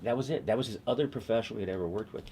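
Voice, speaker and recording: Animated man telling a writers' room story. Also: lowish voice, very fast, a little hiss or hum. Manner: animated storyteller acting out others' lines. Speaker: television writer. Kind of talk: interview anecdote.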